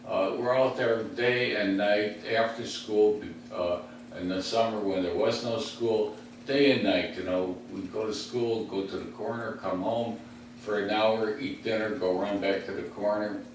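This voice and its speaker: A man's voice: fairly low pitch, steady tone, unhurried, a little hiss or hum. Man from chicago's west side, comic podcast host, loose rambling storytelling, chuckles to himself, very echoey room, mic set at a distance. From west side of Chicago, USA. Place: at home in his recliner.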